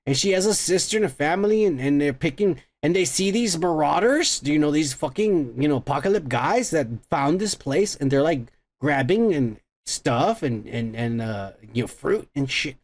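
Man, podcast host, casual review rant, profane, rambling, gravelly voice. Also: on the high side, lively intonation, normal speed, few pauses. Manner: profane, rambling, with frequent restarts.

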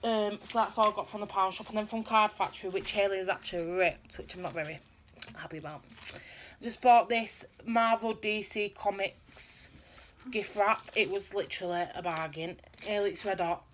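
A woman's voice: medium pitch, steady tone, normal speed. Chatty young woman, noisy home recording. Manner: chatty, rambling show-and-tell. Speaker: vlogger showing a haul. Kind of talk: casual chat.

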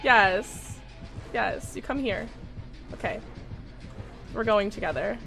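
A woman streaming a game live, commenting in an excitable, profane way and shouting at the game. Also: mid-range voice, slow pace, vocal fry, soft background music, low-quality recording.

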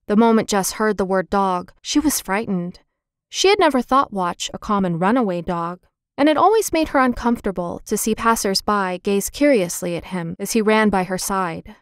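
A woman narrating a children's chapter book in a clear, gentle, expressive reading. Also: medium pitch, normal speed, dry recording, studio quality. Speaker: audiobook narrator. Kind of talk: scripted storybook narration.

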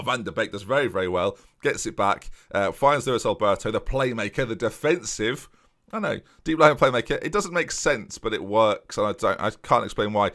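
A young man chatting casually to his viewers while playing a football management game, breaking into excited match commentary. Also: lowish voice. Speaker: gaming YouTuber.

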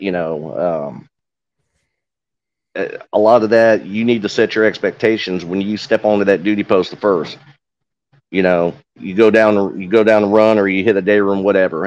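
A man's voice: on the low side, unhurried, darkish tone, no room sound, dull audio. A man with an accent, a corrections veteran speaking plainly on a panel, with many "you know" fillers. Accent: noticeable regional accent. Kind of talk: casual panel talk.

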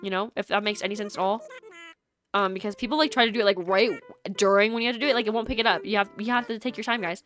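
A woman's voice: mid-range voice, fairly even intonation, rapid-fire. A young woman streaming a game, chatting casually and giggling, with lots of "like" fillers, on a USB microphone at home. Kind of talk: casual stream chat while gaming. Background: soft lofi music.

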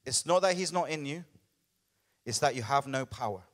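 A man preaching a sermon as lead pastor, conversational and animated, often checking in with the congregation. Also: mid-range voice, normal speed.

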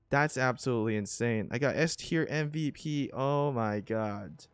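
A man casually commenting on his own gameplay, excitable and swinging between grumbling and thrilled. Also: medium pitch, normal speed, hardly any pauses, smooth, dry recording.

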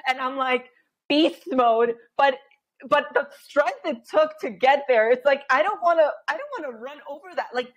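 A high-pitched woman in her thirties, chatting candidly as a podcast guest. She tells her story with animated energy and acts out her own thoughts in quoted asides. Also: normal speed. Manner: animated storytelling, frequent laughter and quoted inner voice.

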